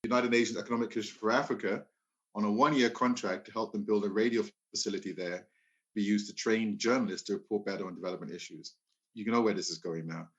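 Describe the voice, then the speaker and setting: A man's voice: fairly low pitch, fairly even intonation, fast, a bit bright. A man in his fifties from Liberia, telling stories from his life as an interview guest, often acting out quoted dialogue. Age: 50s. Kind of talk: casual storytelling interview.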